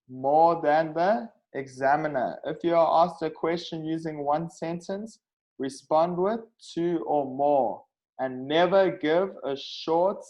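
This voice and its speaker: A male English teacher leads an online speaking lesson in an unhurried, deliberate way. His voice sits slightly high, and he keeps pausing to make sure the class follows along. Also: darkish tone, rough recording. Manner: patient, repetitive, checks understanding with "okay?".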